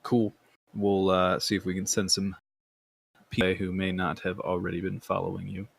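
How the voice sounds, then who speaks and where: A man's voice: deep voice, completely flat delivery, normal speed, gravelly, husky, dry recording. A man hosting a casual gaming podcast, rambling with fillers and restarts. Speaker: podcast host.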